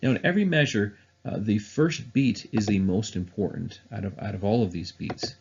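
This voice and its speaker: Husky low-voiced man teaching music theory. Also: moderate pace, a little mellow, dull audio. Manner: explains step by step with many fillers. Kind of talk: recorded online lesson.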